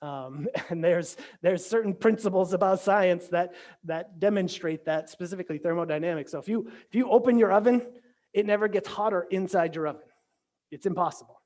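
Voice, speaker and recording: A man's voice: high voice, darkish tone. Man preaching a casual, chatty sermon. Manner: conversational, lots of "right?" and restarts. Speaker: pastor. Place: church or home, virtual sermon.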